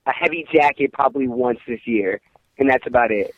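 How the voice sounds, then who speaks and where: A man's voice: medium pitch, a little fast, no room sound. A man from Pittsburgh calling in from his car as co-host, chatting with upbeat, slangy enthusiasm. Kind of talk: casual chat. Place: car on the freeway. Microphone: phone call. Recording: tinny phone line.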